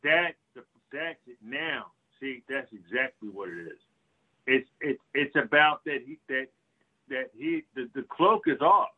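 An excitable, profane man co-hosting a casual political talk show, his husky voice sitting a little high. He comes through a tinny, phone-like line. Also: a little slow.

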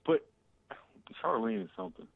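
A man's voice: fairly low pitch, lively intonation, moderate pace, gravelly, husky, dry recording. A man calling in as a guest to a casual political talk show, emphatic, swearing and repeating himself. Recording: tinny phone line.

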